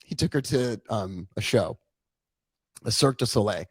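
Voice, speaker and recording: A man's voice: lowish voice, expressive, moderate pace, husky, no echo. Chatty man telling his story, dry sound. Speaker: trading coach. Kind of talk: casual live-stream talk.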